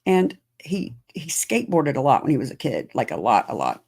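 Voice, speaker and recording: A woman's voice: very deep voice, very animated, brisk, vocal fry, darkish tone, slightly rough. A middle-aged woman hosting a podcast, chatting casually with viewers and answering their comments with plenty of fillers. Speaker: podcast host. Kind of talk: casual live-stream chat with viewers.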